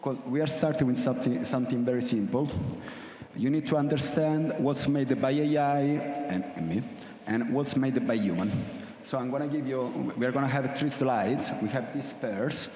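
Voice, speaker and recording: A man's voice: mid-range voice, normal speed, dark tone. Italian-accented man presenting in a hall. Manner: nervous, interactive, addresses audience. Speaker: panel speaker, AI creative and art director. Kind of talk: live workshop presentation. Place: event hall with audience. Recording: echoey hall with long reverb.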